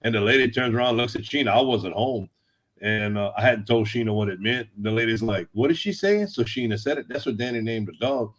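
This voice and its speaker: Man, guest, casual chat, laid-back drawl, animated storytelling. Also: on the low side, fairly quick.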